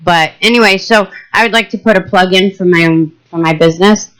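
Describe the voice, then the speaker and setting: Low-voiced woman co-hosting a podcast. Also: a little fast, a bit bright. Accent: Boston. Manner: laid-back, chatty, plugging her nail business. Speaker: co-host. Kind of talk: casual podcast chat.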